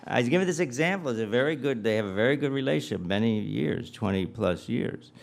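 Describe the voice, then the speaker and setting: A man's voice: mid-range voice, animated, fast, creaky. A man giving a humorous guest lecture, telling stories animatedly and acting out dialogue with comic asides.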